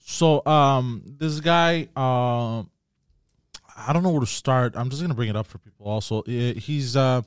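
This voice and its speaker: A man's voice: medium pitch, measured pace, clear, resonant tone, dry recording. Hesitant man explaining, dry sound. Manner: hesitant, many ums and restarts when explaining. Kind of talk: casual comedic chat.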